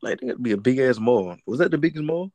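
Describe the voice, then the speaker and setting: A man's voice: medium pitch, animated, quick pace, darkish tone, no echo. A man in casual chat, dropping short teasing interjections.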